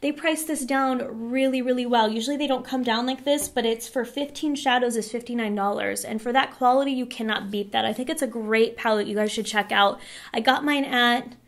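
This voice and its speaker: A woman's voice: on the high side, a little fast. A woman in a casual beauty vlog, chatty and enthusiastic with frank opinions, a little winded from a cold. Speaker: beauty vlogger reviewing palettes. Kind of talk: casual product review.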